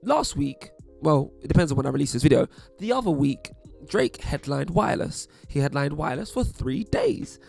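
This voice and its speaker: A young British man from England talking casually to camera as a YouTube host, chatty and wry with lively asides. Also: on the high side, normal speed, gravelly, faint music behind. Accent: British English.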